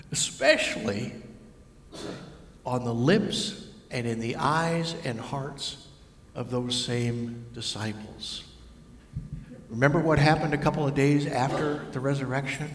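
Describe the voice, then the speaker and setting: A man with a fairly high voice preaching a sermon in a church, telling the story vividly. The sound carries a long, echoing reverb from the large room. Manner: storytelling, varies voice for figures. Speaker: pastor. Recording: echoey hall with long reverb.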